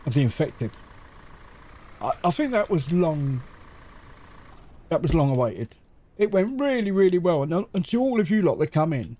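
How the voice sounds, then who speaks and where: A middle-aged man rambles through casual game commentary, giggly and chatty. His voice sits a little high for a man but has a mellow, soft tone. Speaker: gaming YouTuber.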